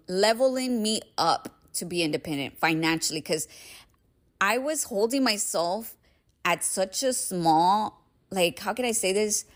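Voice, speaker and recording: A young adult woman hosting her own podcast, talking in an emphatic, casual motivational monologue full of "like" and swearing. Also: mid-range voice. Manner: emphatic, swears freely, heavy use of "like". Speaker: podcast host.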